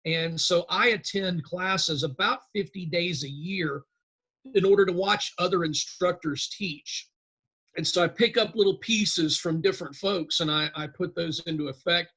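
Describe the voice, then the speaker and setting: A man, telling stories as a guest in a casual interview, lively and chatty. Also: fairly high pitch, husky. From North Carolina, US. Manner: lively storyteller, animated and chatty. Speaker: guest, real estate instructor.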